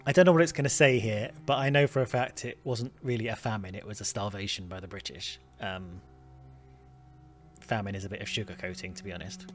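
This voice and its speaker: A man's voice: lowish voice, brisk. A man hosting a game playthrough, chatting casually and thinking aloud. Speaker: gaming host. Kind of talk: casual let's-play commentary.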